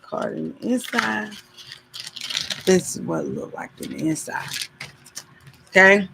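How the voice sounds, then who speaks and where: A woman's voice: medium pitch, animated, measured pace, creaky, very noisy. A woman hosting a live stream, chatting casually with viewers and reading greeting cards aloud. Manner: chatty, addresses viewers directly.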